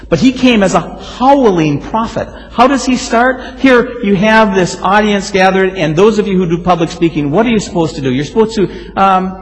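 A male pastor preaching a sermon, telling stories with lively swings and sudden loud exclamations. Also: high voice, moderate pace, faint music behind. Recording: hall reverb.

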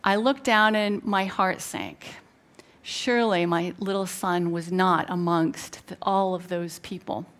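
A woman's voice: on the low side, steady tone, measured pace. A middle-aged woman from Canada preaching a sermon, retelling a personal story with many fillers and emphatic turns.

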